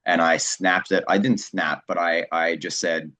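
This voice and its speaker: Deep-voiced young Australian man. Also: steady tone, unhurried, pushed and bright, no room sound. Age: young adult. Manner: rambling storyteller with many restarts. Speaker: guest comedian. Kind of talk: casual interview chat.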